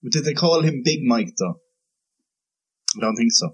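A man's voice: medium pitch, expressive, moderate pace. An Irish man on a podcast, chatting casually and throwing in dry, teasing quips. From Ireland. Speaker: podcast co-host.

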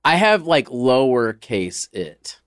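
A man who writes and acts in comedy, a guest on a podcast, talking in a low-key, self-deprecating way. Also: big pitch swings, slow, no echo, clean studio sound. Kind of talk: casual chat.

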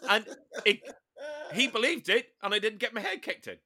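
A Northern Irish man hosts a casual comedy chat, tossing out dry jokes and quick asides. His voice is bright and forward, and his pitch leaps around as he talks. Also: expressive. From Northern Ireland. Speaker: podcast host.

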